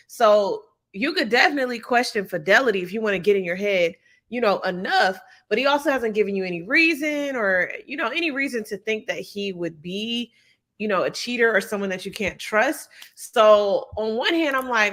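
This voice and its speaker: A woman's voice: on the high side, fairly quick. A young woman chatting casually through a show recap, acting out what people said. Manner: chatty, animated, acts out quotes. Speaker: reality show recap host. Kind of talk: casual chat, live recap.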